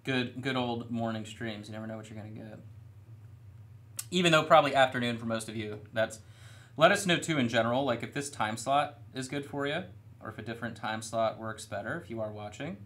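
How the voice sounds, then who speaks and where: A mid-range, brisk voice belongs to a young man casually chatting as he paints miniatures on stream in his studio room. His talk is relaxed and slightly meandering, with plenty of self-deprecation.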